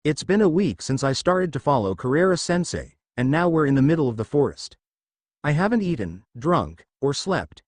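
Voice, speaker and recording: A man narrating a fanfiction story in a steady, plain reading voice. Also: medium pitch, no echo, studio quality.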